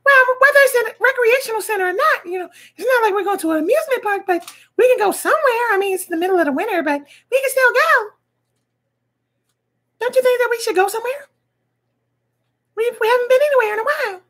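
A man's voice: extremely high pitch, lively intonation, fast talker, pushed and bright, voice pushed up, exaggerated voice. A man voicing a bored wife who keeps pleading with her husband to go out, in a whiny, filler-heavy way.

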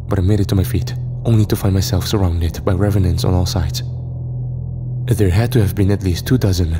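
Deep-voiced male horror narrator. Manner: steady, even storytelling. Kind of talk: first-person horror story narration.

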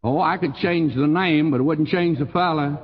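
An older man with a Texan accent preaching a sermon in a folksy, emphatic way, his voice swooping high on key phrases and dropping low. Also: normal speed, breathy edge, in a large hall, muffled recording. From Texas. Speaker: pastor.

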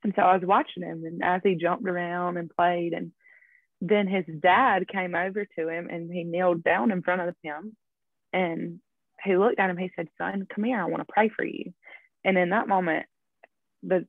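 A woman's voice: fairly low pitch, creaky, dry recording, narrow, tinny audio. A woman guest sharing her faith story in casual interview talk, chatty and full of fillers. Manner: chatty, laughs often, storytelling with many fillers.

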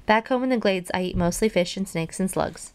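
A woman voicing a bold, bossy female alligator from the swamp in a children's storybook, loud, cheeky and demanding. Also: mid-range voice, fairly quick, smooth, no echo, lightly acted. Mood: sassy.

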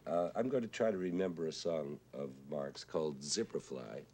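A man with a husky voice, talking thoughtfully on television about songwriting, pausing with "uh" as he explains. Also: very deep voice, expressive, a little mellow, slight background noise. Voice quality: husky "whiskey voice". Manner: thoughtful, pauses with "uh", explains with sung examples. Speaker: composer recalling a friend. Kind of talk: reflective televised talk.

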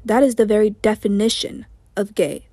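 A woman reading as an insistent, hoarse middle-aged male director. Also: mid-range voice, moderate pace, dark tone, no echo, close to an everyday voice.

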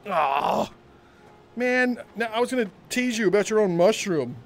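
A man live-streaming a game, joking with his chat, with bursts of laughter and loud theatrical exclamations. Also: high voice, animated, a little slow.

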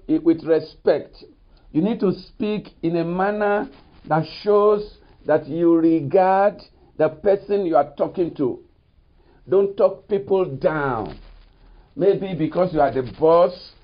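A man preaching a recorded sermon as pastor, leaning often on "you see" and "you know". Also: fairly high pitch. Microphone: studio mic. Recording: dull lo-fi recording.

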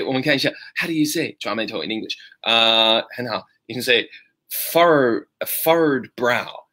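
A man hosting a casual live-stream English lesson, talking animatedly and slowing down to repeat and spell out phrases. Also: mid-range voice, pushed and bright.

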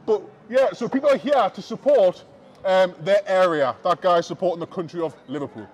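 A man preaching loudly and directly to passers-by on a busy city street through a handheld mic. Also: high voice, a little fast. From northeast England. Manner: loud, direct, addresses passers-by. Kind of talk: open-air street preaching. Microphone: handheld mic through a speaker.

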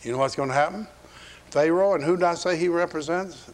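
Folksy preacher man, raised pitch. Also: brisk. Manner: folksy, acts out biblical quotes in paraphrase. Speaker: pastor. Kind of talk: sermon. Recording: 1980s archival sermon tape.

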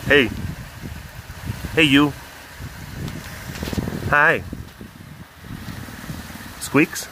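A man's voice: on the high side, lively intonation, extremely slow, long pauses, bright, forceful tone, slight background noise, poor audio. A young man, a big cat keeper hosting a vlog, chatting casually and rambling, sometimes cooing at animals. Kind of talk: casual chat. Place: outdoors at a rural animal facility.

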